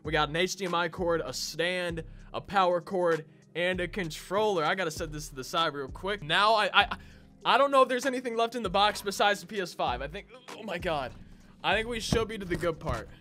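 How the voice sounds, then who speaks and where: Young guy w a high bright voice unboxing stuff, chatty, kinda winded, faint music behind. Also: a little fast. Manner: chatty, talks to viewers as y'all. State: out of breath. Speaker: gaming YouTuber. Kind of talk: casual unboxing vlog.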